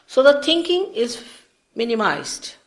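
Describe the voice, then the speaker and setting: An older woman, a spiritual teacher, giving an unhurried, explanatory public lecture with big swings in pitch and loudness. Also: sing-song. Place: public program before an audience.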